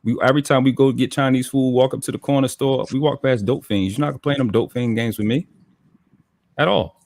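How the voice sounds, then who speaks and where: This livestream podcast guest is a Baltimore man with children, ranting in his accent with lots of profanity. He speaks briskly and steadily in a mid-range, slightly mellow voice on a dry recording.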